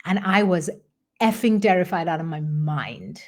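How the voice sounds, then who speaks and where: A middle-aged woman coach giving a candid motivational talk, earnest and animated, acting out her own past thoughts. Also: lowish voice, normal speed. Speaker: business coach.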